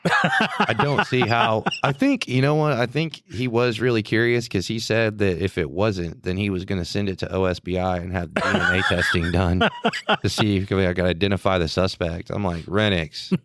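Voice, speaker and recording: Deep-voiced man telling a story. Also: normal speed, a bit bright, slight background noise. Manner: laid-back storyteller, crude humor, chuckling. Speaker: police officer and podcast co-host. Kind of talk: casual chat.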